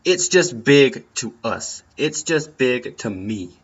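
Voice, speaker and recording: A man's voice: medium pitch, animated, takes it slowly, breathy edge. A young man giving earnest, encouraging advice in a personal talk, often repeating his phrases. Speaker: vlogger. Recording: dull lo-fi sound.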